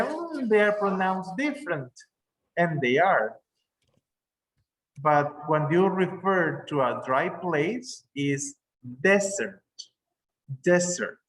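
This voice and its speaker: A male English teacher with a voice on the high side, slightly bright, teaches an online class over a video call. He explains words slowly and patiently, using examples and correcting himself. The recording is rough, with slight background noise.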